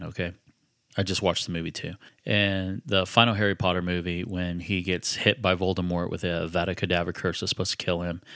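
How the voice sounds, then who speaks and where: A man's voice: low-pitched, a bit bright, dry recording, clean studio sound. A man hosting a podcast, telling a personal story in a conversational, reflective way with frequent restarts. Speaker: podcast host.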